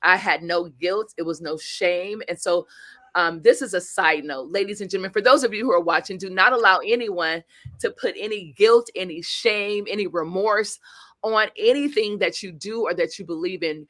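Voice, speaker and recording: A woman guest speaker and coach telling stories in an interview, animated, acting out the quotes and speaking straight to the audience. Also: mid-range voice, normal speed, dry recording. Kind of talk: storytelling interview.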